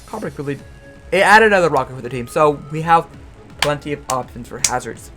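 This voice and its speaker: A young man with a fairly high voice rambles through a casual analysis of his picks. He stumbles, repeats words and cracks self-mocking asides, with music playing softly underneath. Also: lively intonation, brisk. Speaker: YouTuber and league coach. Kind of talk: casual draft analysis commentary.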